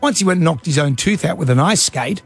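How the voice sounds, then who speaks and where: A man's voice: fairly high pitch, lively intonation, quick pace, slightly rough, faint music behind. A man co-hosting a drive-time radio show, joking and bantering playfully. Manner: jokey, playful. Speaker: radio co-host.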